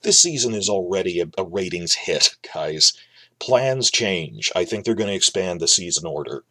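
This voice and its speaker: A man's voice: low-pitched, lively intonation, moderate pace, bright, forceful tone, no echo. A man hosting a casual reaction video, rambling through his thoughts with frequent restarts. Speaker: video host. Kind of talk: casual episode reaction commentary.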